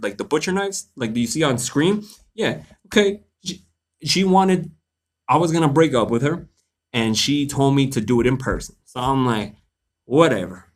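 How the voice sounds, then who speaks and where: A man hosting a live Q&A, casually telling a story to his viewers, animated, laughing often and swearing freely. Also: mid-range voice. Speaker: host of a live Q&A stream.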